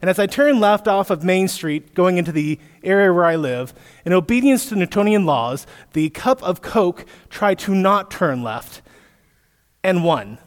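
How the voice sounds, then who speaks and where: A man in his thirties, a pastor giving a sermon, telling stories with lively asides to his listeners. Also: high-pitched, measured pace. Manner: storytelling with animated asides to listeners. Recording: echoey hall, long reverb.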